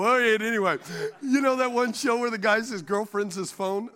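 High-voiced pastor preaching a lively sermon. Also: male voice, normal speed. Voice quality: high voice for a man. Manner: preaching with call-and-response and jokes. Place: church sanctuary.

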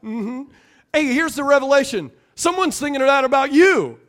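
A man's voice: very high voice, animated, normal speed, a bit bright. A man preaching a sermon with call-and-response, playful asides and repeated phrases for emphasis. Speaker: pastor.

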